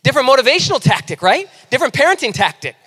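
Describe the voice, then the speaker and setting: A man's voice: sing-song, rapid-fire. Impassioned preacher man in a reverberant hall. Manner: impassioned, swings between loud urgent pleading and low intimate asides. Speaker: pastor. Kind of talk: sermon.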